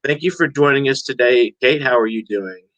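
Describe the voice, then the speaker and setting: A man's voice: mid-range voice, moderate pace, fairly bright tone, no room sound, poor audio. A man in his forties from Georgia hosting an interview, asking questions with hesitations and repeated words. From Georgia, USA. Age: 40s. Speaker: host. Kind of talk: interview host.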